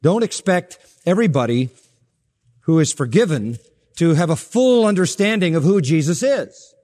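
A man preaching a sermon with a slightly high voice that leaps up for emphasis and falls soft at the ends of phrases. His voice carries a long reverb from a large church hall. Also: big pitch swings, moderate pace. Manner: emphatic preaching with sharp rises and soft drops. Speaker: pastor.

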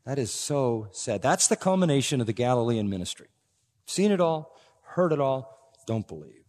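A man preaching a sermon as pastor, emphatic, swinging between loud bursts and hushed, quiet phrases. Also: mid-range voice, sing-song, normal speed. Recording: long hall reverb.

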